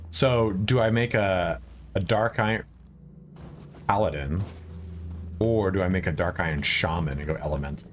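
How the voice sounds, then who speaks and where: A man's voice: low voice, moderate pace, long pauses, slight background noise. A man streaming a video game, chatting casually with viewers in a rambling way, swearing and exclaiming at what happens on screen. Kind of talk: casual live-stream chat while gaming.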